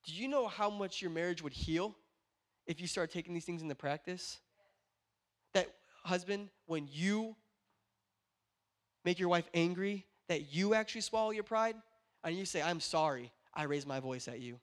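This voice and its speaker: A young man preaches in a high voice to his church. He talks earnestly, then swells into passionate, shouted preaching. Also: moderate pace, long pauses. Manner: builds from quiet earnest talk to passionate shouting. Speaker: pastor. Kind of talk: sermon.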